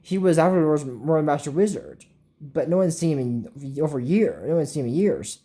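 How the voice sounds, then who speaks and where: A woman's voice: low voice, animated, moderate pace, mellow, husky. A young woman casually recapping a cartoon episode, rambling with filler words and making little whooshing sound effects. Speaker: show recap host.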